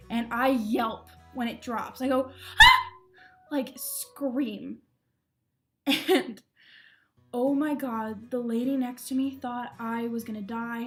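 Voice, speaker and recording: A woman's voice: sits high, darkish tone. A young woman casually telling embarrassing travel stories to camera, chatty and self-deprecating, laughing often. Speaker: vlogger.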